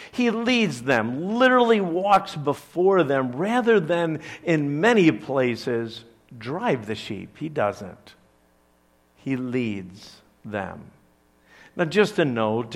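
A man preaching a sermon as pastor, conversational, swinging between emphatic bursts and quiet asides. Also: mid-range voice. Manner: conversational, with fillers and restarts.

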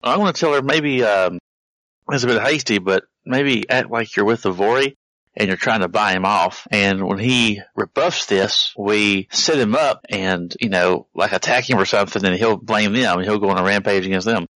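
Guy player at a tabletop game, bright voice, rambly, dry mic. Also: lowish voice, normal speed, no room sound, low-quality recording. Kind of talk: tabletop role-play chat.

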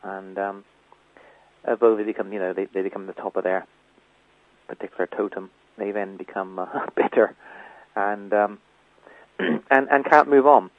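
Low man on a tinny phone line. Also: moderate pace, pauses often, no echo. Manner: hesitant, with many ums and chuckles. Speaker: interview guest, writer of the comedy. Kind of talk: radio interview.

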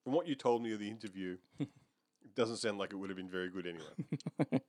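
A man co-hosting a podcast, chatting casually with wry, deadpan sarcasm. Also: lowish voice, a little fast. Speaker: podcast co-host. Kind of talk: casual chat.

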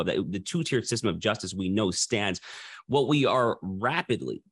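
A low-voiced man making his case on a political panel show, emphatic and argumentative, stumbling through restarts as he builds his point. The sound is dry and close, with no room in it. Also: a bit bright, dry recording. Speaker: political podcast co-host. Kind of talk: opinionated panel discussion.

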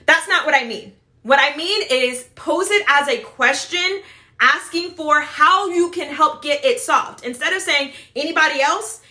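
A woman with a high, bright voice talks straight to the camera, handing out practical advice to fellow moms. She keeps it chatty, tossing in "right?" and mimicking how people talk as she goes. The room around her carries a noticeable echo. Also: a little slow. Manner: chatty, repeats "right?" and "blah, blah, blah"; acts out quoted voices. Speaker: mom advice vlogger.

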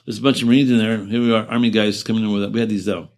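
A man in his seventies being interviewed, recalling events in a halting way with many restarts and self-corrections, earnest and emotional. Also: lowish voice, little pitch movement, darkish tone. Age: 70s. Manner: earnest and emotional while recounting. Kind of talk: oral-history interview recollection.

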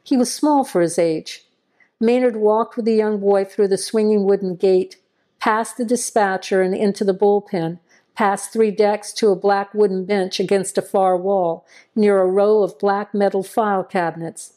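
A woman narrating a scripted horror story in a measured, dramatic way. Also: medium pitch, fairly even intonation, warm tone.

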